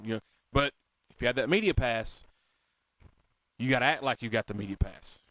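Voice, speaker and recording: Man, podcast host, animated storyteller, self-mocking, dry sound. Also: mid-range voice, fairly quick, long pauses, no room sound. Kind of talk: casual storytelling chat.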